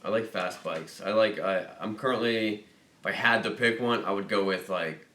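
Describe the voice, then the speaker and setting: A man hosting a casual livestream, reading viewer questions aloud and thinking out loud in a rambling, jokey way. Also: lowish voice, normal speed, roomy sound. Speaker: host of a motorcycle dealership livestream.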